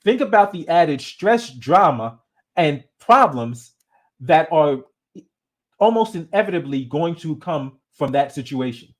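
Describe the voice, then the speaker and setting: A man hosting his own channel, giving casual commentary in a conversational, animated way and often restarting his sentences. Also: fairly high pitch, a little slow. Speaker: channel host.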